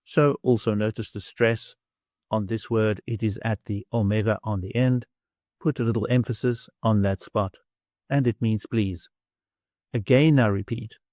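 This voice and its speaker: In a clean studio recording with no room sound, a male language teacher with a Greek accent leads a slow beginner vocabulary lesson. His lowish, steady, darkish voice patiently breaks each word into syllables and repeats them as pronunciation drills.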